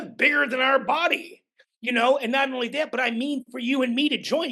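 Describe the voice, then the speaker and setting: An older man, a podcast guest, telling stories in an animated, emphatic way and swearing freely. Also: very high-pitched, gravelly, breathy edge. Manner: emphatic, swears freely, acts out quoted voices. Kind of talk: animated conversational storytelling.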